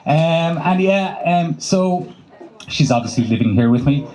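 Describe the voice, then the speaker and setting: A young adult man from Ireland, his voice on the high side and his throat dry, performs a loose, swearing stand-up story with quick voiced asides at a small cafe open mic. The poor audio captures the live room and a laughing crowd.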